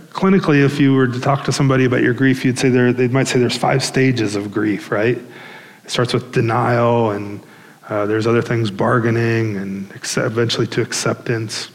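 Man preaching in a reverberant hall. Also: mid-range voice. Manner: conversational preaching with fillers and restarts. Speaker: pastor. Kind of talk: sermon.

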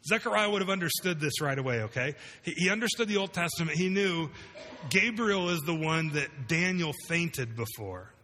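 A man's voice: on the high side, expressive, normal speed, pushed and bright, long reverb tail. A man preaching a sermon to a room of listeners, conversational and full of rhetorical questions. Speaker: pastor. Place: large room with congregation.

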